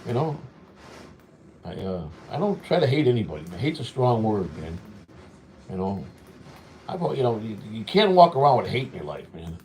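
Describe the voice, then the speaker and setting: Male vlog host, loose profane rambling delivery, average pitch, casual at-home monologue. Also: a little mellow, slight background noise. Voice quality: profane, repetitive, says "man" often. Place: home during a hurricane.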